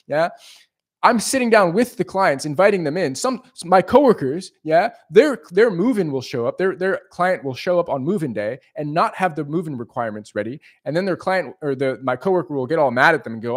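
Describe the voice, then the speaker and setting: A man's voice: a little high, expressive, a little fast. Emphatic, profane man on a live stream. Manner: emphatic and profane, with many repeats and restarts. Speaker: leasing agent and live streamer. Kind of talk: casual live stream monologue.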